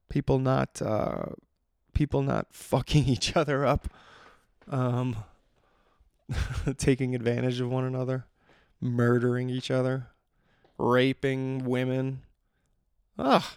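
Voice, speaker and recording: Male podcast host, loose profane monologue, gravelly fry, dry sound. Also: mid-range voice, a little mellow, no room sound. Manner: rambling, profane, self-interrupting. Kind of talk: casual solo podcast monologue.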